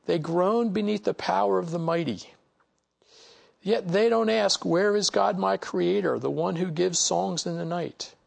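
A man's voice: sits high, creaky. A man teaching a Bible study, reading passages aloud and commenting on them in a conversational way, with frequent "you know" asides.

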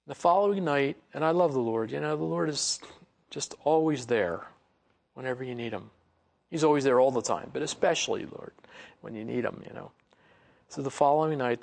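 Gravelly-voiced pastor teaching scripture casually. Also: male voice, medium pitch. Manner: conversational, reads scripture then explains it with chuckles and asides. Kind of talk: verse-by-verse Bible teaching.

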